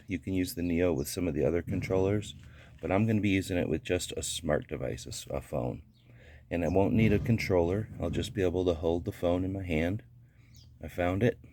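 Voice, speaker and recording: A man with a very low voice talks through a gadget setup one step at a time, in an easygoing, unscripted way. A faint hiss sits under his words. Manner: relaxed, narrates each step with small fillers. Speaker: gadget reviewer. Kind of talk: casual how-to walkthrough.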